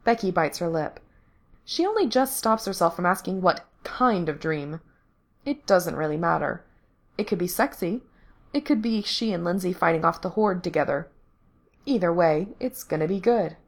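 A woman narrating a story aloud, reading in a steady, even way. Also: fairly low pitch, normal speed.

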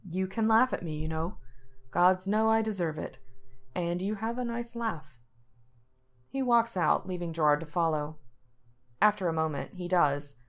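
Woman narrator, audiobook reading, lowish pitch, slight voice shifts for dialogue.

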